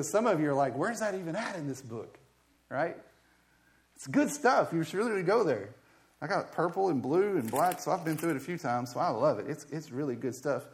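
A man preaching a sermon in a conversational way, moving from quiet asides to loud, pleading passages, often repeating words as he builds up. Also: medium pitch. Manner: swings from soft asides to loud impassioned pleading. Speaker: pastor.

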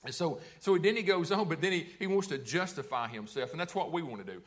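A man's voice: fairly high pitch, fast, few pauses. A man preaching a sermon to a congregation in a church, posing rhetorical questions and answering them himself, often repeating words. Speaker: pastor. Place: church sanctuary.

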